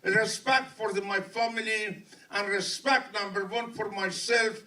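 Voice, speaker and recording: An older man with an Iranian accent answers questions from the audience in short, broken phrases. His voice sits fairly high and sounds bright. He was recorded from a distance in a theater. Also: little pitch movement, unhurried. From Iran. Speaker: guest of honor at a film premiere Q&A. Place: theater at a film premiere. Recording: distant mic in a venue.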